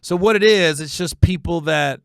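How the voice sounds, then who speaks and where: A man's voice: fairly high pitch, moderate pace, creaky, clear, resonant tone, dry recording, clean studio sound. A middle-aged man from Ohio telling a casual story as a podcast host, acting out quotes and laughing at his own tale.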